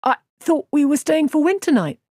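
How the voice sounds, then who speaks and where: An earnest young farmhand, anxious and stubborn, his voice set clearly higher than the reader's own. A woman reads him in an audiobook. He presses his point in an urgent, insistent way. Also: lively intonation, moderate pace, a little mellow, no room sound, clean studio sound.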